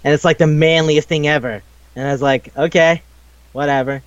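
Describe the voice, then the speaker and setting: A man chatting casually about a video game, rambling and swearing as he acts out the characters' lines in quick bits. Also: a little high, fairly even intonation, dry recording, dull audio. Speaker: podcast co-host.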